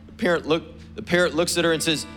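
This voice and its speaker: A man preaching a Sunday sermon to his church, relaxed and joking with the congregation. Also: a little high, brisk, faint music behind. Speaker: pastor. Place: church service.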